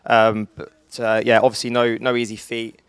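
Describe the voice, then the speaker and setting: A man's voice: mid-range voice, completely flat delivery, moderate pace, smooth. A young man from England giving a teasing wedding speech as the groom, laughing at his own jokes.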